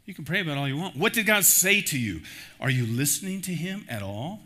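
A man pastor preaching a sermon in an animated way, acting out the voices he quotes. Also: fairly high pitch, brisk.

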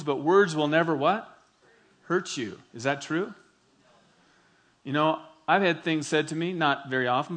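A man's voice: on the high side, a bit bright. Earnest man preaching a sermon. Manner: earnest, emphatic, slows down to stress key phrases. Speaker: pastor.

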